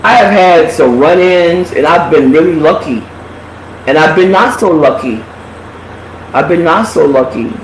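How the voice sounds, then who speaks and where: A woman's voice: low voice, measured pace. A woman host telling a personal story in casual chat, with lots of profanity, acting out what people said. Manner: profane, animated, acts out quotes. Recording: echoey room with faint noise.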